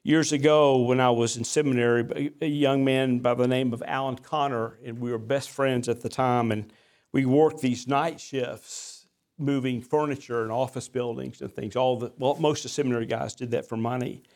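Pastor preaching with folksy storytelling. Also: male voice, medium pitch, steady tone, moderate pace, a little mellow. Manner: conversational storytelling mixed with emphatic scripture reading; folksy, self-deprecating humor. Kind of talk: sermon.

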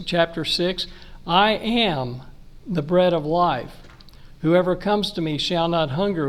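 A man with a high voice preaches a sermon. He reads scripture aloud, then explains it in plain, conversational words. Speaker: pastor.

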